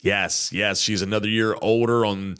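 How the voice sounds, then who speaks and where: A man's voice: lowish voice, moderate pace, clear, resonant tone. A man, hosting a podcast in casual, chatty talk full of fillers. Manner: chatty and animated, many fillers. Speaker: podcast host.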